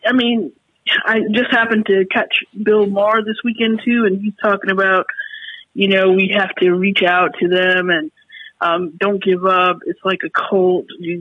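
A woman calling in to a talk radio show, talking in halting, emotional, frustrated bursts with many restarts. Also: medium pitch, breathy edge, dry recording. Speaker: caller. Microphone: telephone. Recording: tinny phone line.

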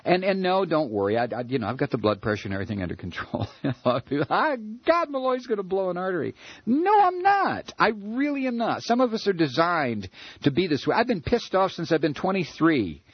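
A man's voice: fairly high pitch, sing-song, fairly quick, breathy edge, dry recording, muffled recording. A man hosting a radio talk show, ranting in a furious political monologue, stammering and repeating words.

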